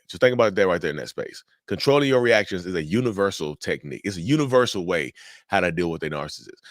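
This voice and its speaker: Man, deep-ish voice, dry close sound; casual, direct advice host. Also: a bit bright, no room sound. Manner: direct, repetitive, addresses viewers as y'all. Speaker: mental health channel host.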